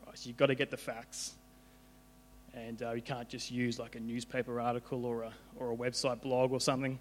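A man's voice: medium pitch, little pitch movement, brisk. A young man giving an informal sermon, conversational, often repeating his words as he goes. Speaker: preacher. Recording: hall reverb with mains hum.

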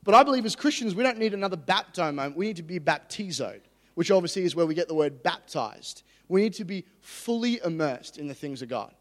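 High-voiced preacher in a reverberant hall. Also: male voice, fast talker, hardly any pauses. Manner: energetic, jokey, excitable preaching. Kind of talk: sermon.

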